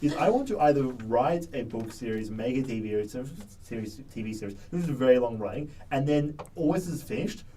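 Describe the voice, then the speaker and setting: Young dude rambling on a student radio show, talks fast, kinda off-mic, faint noise. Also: male voice, mid-range voice, expressive, warm tone, far from the mic, low-quality recording. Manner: rambling, restarts a lot. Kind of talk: casual group chat.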